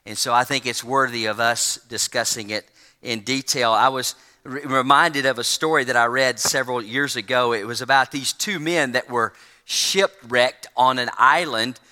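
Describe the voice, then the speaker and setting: A man's voice: mid-range voice, normal speed, sharp tone. A male pastor preaching a sermon, telling a folksy story to his congregation. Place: church sanctuary. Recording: long church reverb.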